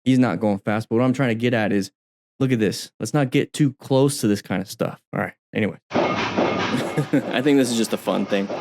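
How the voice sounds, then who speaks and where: A man's voice: medium pitch, moderate pace, darkish tone, slight background noise. A man who teaches motorcycle riding, commenting over road videos in a chatty way and repeating phrases for emphasis.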